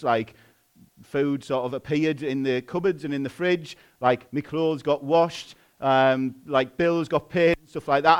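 A man in his thirties preaching a sermon in a relaxed, chatty way, self-deprecating and full of fillers. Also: a little high, clean tone.

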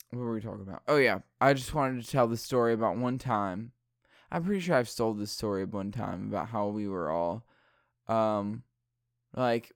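A man's voice: medium pitch, a bit bright, smooth, dry recording, clean studio sound. A young man telling a rambling story in a casual way, swearing often and breaking into laughter.

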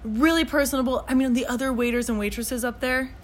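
Podcast co-host, 30s woman, bubbly storyteller, voice sits a bit high. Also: fairly even intonation, quick pace. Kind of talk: casual chat.

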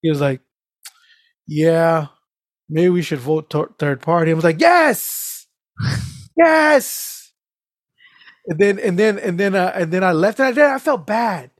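A man on a casual podcast, telling animated stories with lots of swearing and laughter. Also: on the high side, moderate pace, no room sound, studio quality. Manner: animated storytelling, heavy swearing, frequent laughs. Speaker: podcast co-host.

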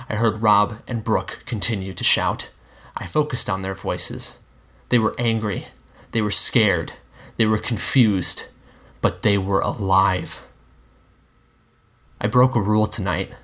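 Low, bright-toned male storyteller. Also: steady tone. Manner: measured, dramatic narration with acted dialogue. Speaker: story reader. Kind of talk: dramatic reading of fan fiction.

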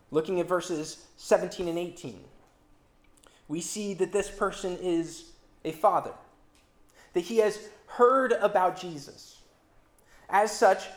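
A preacher giving a sermon in an expressive, emphatic manner, with dramatic swings between loud and soft delivery. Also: medium pitch. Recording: roomy echo.

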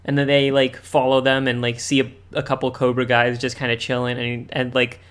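A male podcast co-host in easygoing chat with a voice at a middle pitch. He often restarts his sentences and repeats words. His humor is dry and wry. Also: monotone, fairly quick, a bit bright, clean tone. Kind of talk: casual chat.

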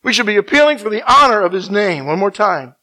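A man preaching a sermon, swinging from loud emphatic declarations to hushed, near-whispered passages and repeating key phrases. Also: sits high, big pitch swings, fast talker, poor audio. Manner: emphatic repetition.

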